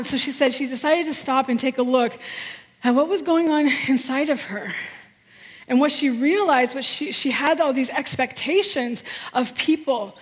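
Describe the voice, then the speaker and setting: High-voiced woman preaching in a hall. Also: moderate pace. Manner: earnest, heartfelt storytelling. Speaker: guest preacher. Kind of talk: sermon. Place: church sanctuary.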